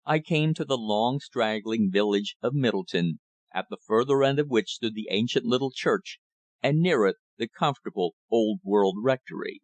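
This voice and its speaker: A man narrating an audiobook in a measured, steady reading. His voice is fairly low in pitch. The sound is close and dry, without room echo.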